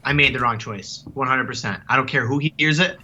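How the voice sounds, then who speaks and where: Bright-voiced man joking on a call. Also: medium pitch, a little fast. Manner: joking, self-deprecating. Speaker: guest co-host. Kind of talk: casual chat. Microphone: video call.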